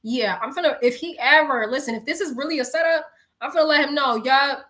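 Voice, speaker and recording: Young woman from New York, high voice, bright and sharp, casual storytime chat, swearing, slangy asides to viewers. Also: brisk. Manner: animated, swears freely, slangy asides to "girl" and "y'all". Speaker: live-streaming storyteller.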